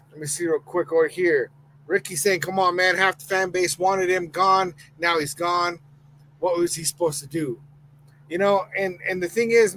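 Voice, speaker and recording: A man's voice: high voice, bright, forceful tone, slight background noise, poor audio. A man hosting a live sports podcast, ranting heatedly and reading chat comments aloud. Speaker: podcast host.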